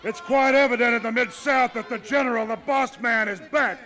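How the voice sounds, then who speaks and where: Casting: male wrestling manager, high bright voice, pompous and commanding. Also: fairly even intonation, normal speed, hardly any pauses. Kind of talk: boastful wrestling promo.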